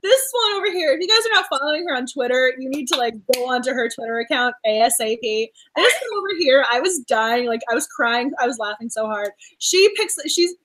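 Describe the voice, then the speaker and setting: A woman's voice: high-pitched, lively intonation, fairly quick, hardly any pauses, a bit bright, a little hiss or hum. A woman chatting about a romance novel in a book club discussion on a video call, gushing and laughing often. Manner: gushing, laughs often, acts out her reactions.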